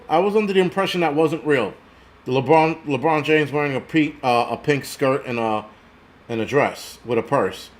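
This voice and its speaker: A man's voice: medium pitch, normal speed. A man in his forties hosting a casual livestream, ranting bluntly and profanely and reading out viewer comments. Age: 40s. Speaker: host.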